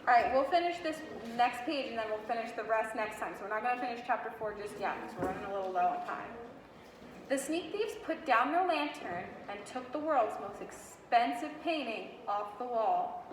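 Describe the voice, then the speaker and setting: A woman teacher reading a storybook aloud to a class in an animated way, stopping to ask the children questions. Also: fairly high pitch, moderate pace. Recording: echoey classroom with long reverb, faint noise.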